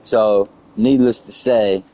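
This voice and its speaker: A man on a live game stream, casually telling a story in a profane, excitable way. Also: on the low side, takes it slowly. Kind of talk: casual storytelling while gaming.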